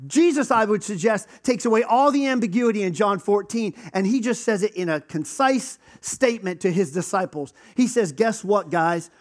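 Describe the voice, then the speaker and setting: A man's voice: high voice, lively intonation, moderate pace, hardly any pauses. A pastor preaching a conversational sermon, acting out the voices of the people in his stories. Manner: conversational, acts out quoted voices.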